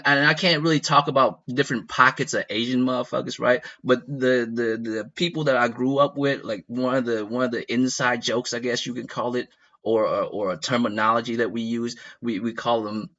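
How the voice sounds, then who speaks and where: A man's voice: mid-range voice, fairly even intonation, normal speed, bright, forceful tone, dull audio. A man telling a rambling, profane story in a casual comedic way, often asking the listeners whether they follow. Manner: rambling, profane, laughs at his own story.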